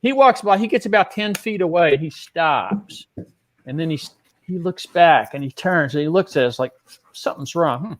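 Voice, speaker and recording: Middle-aged man, high-pitched, animated storyteller who slips into other people's voices. Guest-magician energy. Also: normal speed. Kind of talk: telling a backstage anecdote.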